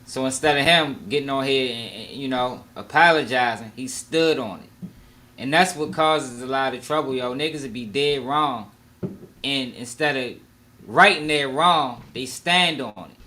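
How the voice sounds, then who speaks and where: A man's voice: mid-range voice, normal speed, sharp tone. A man giving casual, slangy live reaction commentary, talking freely and laughing along. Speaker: reaction streamer.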